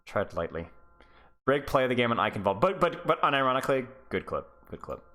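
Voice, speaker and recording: A man's voice: mid-range voice, bright, forceful tone. A man coaching players on a live stream, rambling and sarcastic as he rates game clips and keeps interrupting himself. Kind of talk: live-stream clip review.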